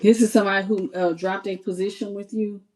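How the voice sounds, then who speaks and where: Woman tarot reader, live stream, chatty and expressive, middle-pitched, addresses viewers directly. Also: fast. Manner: chatty and expressive, talks to viewers as "y'all" and "baby".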